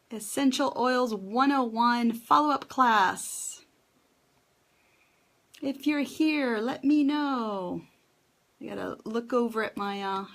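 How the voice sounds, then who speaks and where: A woman chatting on her first live video, greeting viewers one by one with plenty of ums and a slightly nervous energy. Her voice sits fairly high and her pace is slow and unhurried. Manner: chatty, warm greetings to viewers, filler-heavy. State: a little nervous. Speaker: essential oils class host. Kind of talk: first live-stream chat.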